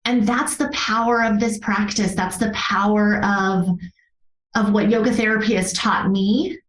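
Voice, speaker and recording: A woman's voice: medium pitch, fairly even intonation, a little slow, a bit bright, reverberant, low-quality recording. A woman who works as a yoga therapist tells a personal story as a podcast guest. She speaks earnestly and from the heart, often restarting her sentences.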